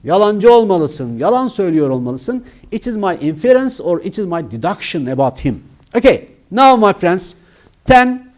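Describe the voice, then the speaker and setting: A man's voice: high-pitched, sing-song, moderate pace, darkish tone. Emphatic Turkish-accented male teacher. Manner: emphatic, repeats words for students. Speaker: English teacher. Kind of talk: grammar lesson.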